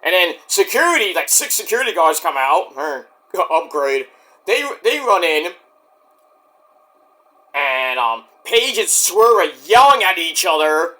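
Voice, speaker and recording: A man talks through a show in a loose, rambling recap, stopping to correct himself and acting out what others said. His voice sits high and bright. It swings up and down with a lot of energy. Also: sing-song, a little slow. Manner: rambling with self-corrections, acts out quotes. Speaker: wrestling reviewer. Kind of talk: casual spoken recap.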